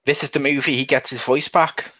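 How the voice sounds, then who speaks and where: A man co-hosting a casual review podcast, talking in an animated, mocking way and acting out characters as he talks. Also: medium pitch, brisk, background noise. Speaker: podcast co-host. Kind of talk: casual chat.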